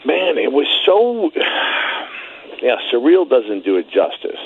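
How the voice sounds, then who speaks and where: A middle-aged man telling a story as an interview guest, halting with many restarts. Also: medium pitch, sing-song, breathy edge. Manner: halting, many restarts, grows quiet and shaky when emotional. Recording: phone-line audio.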